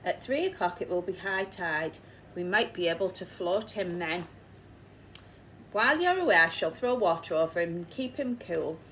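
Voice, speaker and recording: A brisk, determined old wife speaks firmly and raises her voice high when she gives orders, as a woman reads her out. She is practical and no-nonsense in a storybook tale. Faint noise sits behind her. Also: animated, fairly bright tone, rough recording.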